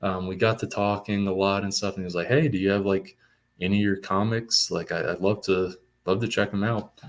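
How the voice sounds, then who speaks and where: Young male guest, low-ish voice, eager storyteller, heavy on fillers. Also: fairly quick. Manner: excited, many fillers like "like". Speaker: comics writer, guest. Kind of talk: casual storytelling.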